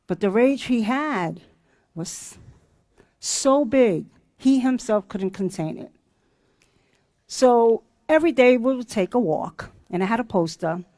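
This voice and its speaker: A woman teaching a character education class, telling a story with lively, acted-out dialogue. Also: on the high side, no room sound. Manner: animated, acts out dialogue.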